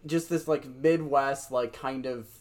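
A man's voice: medium pitch, fairly even intonation, a little slow, a little mellow. A man co-hosting a podcast, telling a personal story in casual chat and swearing freely. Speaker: podcast co-host.

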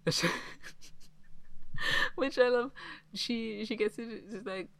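A woman's voice: fairly high pitch, slow, creaky, no room sound, low-quality recording. A woman co-hosting a podcast, chatting casually as she recaps a film, laughing often and acting out scenes. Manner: laughs often, animated retellings.

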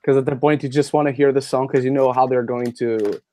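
A young man co-hosting a casual movie podcast, relaxed and swearing freely. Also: medium pitch, a little fast, slight background noise. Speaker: podcast co-host.

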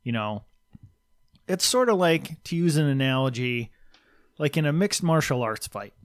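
A man's voice: fairly high pitch, expressive, normal speed, no room sound, studio quality. A man co-hosting a podcast in casual political chat, blunt, sarcastic and emphatic. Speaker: podcast co-host.

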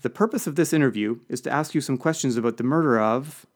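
A weary Belgian police lieutenant, as a male narrator puts him on, clipped and pointed, with a flat official air. He sits in a mid-range male voice and sounds like he would rather be anywhere else. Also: medium pitch, fast talker, natural voice. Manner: pointed, bored official questioning.

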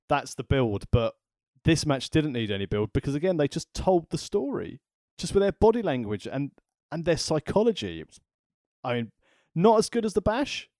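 A man's voice: fairly high pitch, very animated, normal speed, a little mellow, dry recording, studio quality. A man co-hosting a casual podcast chat, making wry, joking asides. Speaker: podcast co-host.

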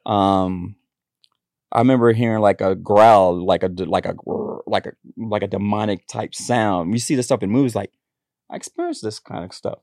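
A man's voice: on the low side, normal speed, darkish tone, dry recording, studio quality. A man telling personal stories as a guest in a casual interview, rambling with frequent restarts. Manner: rambling storytelling with many restarts. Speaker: author and actor, guest.

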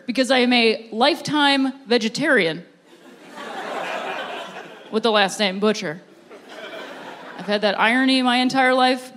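A woman's voice: a little high, slight background noise. Self-mocking woman doing stand-up comedy. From Ohio, USA. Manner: deadpan punchlines with laughing, self-mocking asides. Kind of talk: stand-up set. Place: comedy venue with a live audience.

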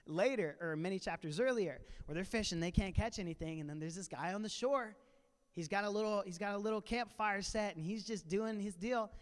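Guy telling a bible story on a church panel, kinda high voice, big echo from the hall. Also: smooth. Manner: animated storytelling, acts out quoted lines. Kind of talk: conversational preaching. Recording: live in a reverberant church hall.

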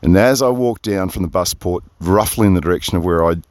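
A man's voice: low voice, fast, a little mellow, no room sound. A man from Perth talking through a rambling spoken diary, chatty and easily sidetracked, recorded outdoors under a big tree in the wind on a phone held close to his face. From Perth, Australia. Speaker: audio diarist. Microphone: phone resting close on his face.

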